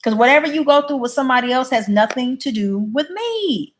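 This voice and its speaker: Speaking briskly in a high voice with lively intonation, a woman streams live on YouTube and reads her viewers' comments. Her casual replies are blunt and opinionated, with slight background noise present.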